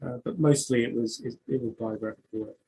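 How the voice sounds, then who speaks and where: A man's voice: medium pitch, fairly even intonation, fast talker, vocal fry, warm tone, a little hiss or hum, poor audio. A man, a poet being interviewed who talks with many fillers and restarts and reads his own poems aloud. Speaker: poet and author. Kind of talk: conversational interview, reading poetry aloud.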